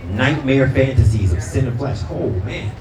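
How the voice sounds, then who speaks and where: A middle-aged Brooklyn pastor delivers a conversational sermon to a live congregation in a church hall, telling stories in loose, slangy style, stumbling over repeated words and calling out to the crowd. His voice is medium-pitched at a normal speed. The recording is roomy and distant, with the audience audible.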